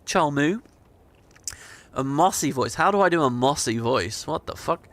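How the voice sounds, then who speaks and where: A man in a gaming video speaks a little fast in a medium pitch, chatting casually as he hosts. He reads the game's text aloud with amused, animated, mock-dramatic flair, chuckling as he goes.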